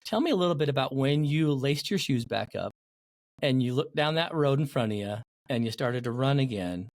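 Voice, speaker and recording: A man hosting a podcast interview, an animated storyteller who acts out the people he quotes. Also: medium pitch, moderate pace, dry recording, studio quality. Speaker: podcast host.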